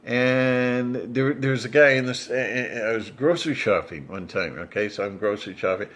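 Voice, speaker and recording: Man, mid pitch, casual vlogger monologue, stumbling and repeating words. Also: a bit bright. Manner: halting, repeats words, many restarts. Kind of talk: rambling monologue.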